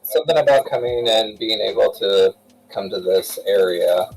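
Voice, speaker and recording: A man's voice: fairly low pitch, moderate pace, creaky, soft background music, rough recording. A man playing in a tabletop game, chatting in a hesitant, casual way. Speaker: player. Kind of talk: casual tabletop role-play.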